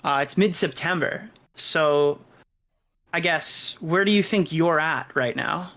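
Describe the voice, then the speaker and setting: A man on a call calmly questioning a guest, laying out a timeline and pressing him. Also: fairly high pitch, takes it slowly. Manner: calm, probing.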